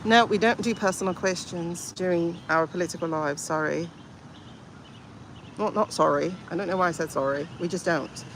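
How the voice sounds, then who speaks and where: A woman's voice: fairly low pitch, moderate pace, noisy background. A woman hosting a casual livestream, chatting in a rambling, playful way with lots of asides. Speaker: livestream host.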